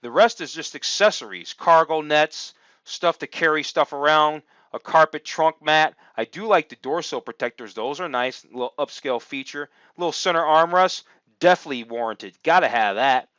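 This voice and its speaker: A man's voice: a little high, moderate pace, a bit bright, clean tone, dry recording, highs cut off. A man giving a casual, upbeat car review, chatting and thinking aloud with lots of fillers as he goes. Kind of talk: casual screen-share review commentary.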